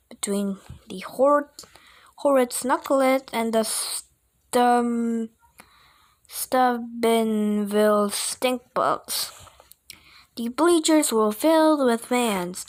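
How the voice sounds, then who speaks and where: A woman with a fairly high voice reads a children's story aloud at an unhurried pace. She reads playfully and breaks off now and then for little chatty asides. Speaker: audiobook reader. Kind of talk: reading a children's book aloud.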